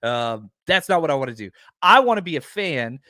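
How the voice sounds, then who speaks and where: A man's voice: on the high side, very animated, a little fast, sharp tone, no room sound, clean studio sound. Upbeat talky male podcast host. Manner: enthusiastic, rambling with many fillers. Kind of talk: live-stream podcast chat.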